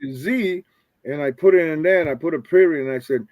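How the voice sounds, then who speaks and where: A man's voice: a little high, fairly quick, a little mellow, dry recording. An older man and retired wrestler telling rambling stories as a guest, acting out the voices of people he quotes. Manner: rambling, acts out quoted dialogue. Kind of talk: casual storytelling.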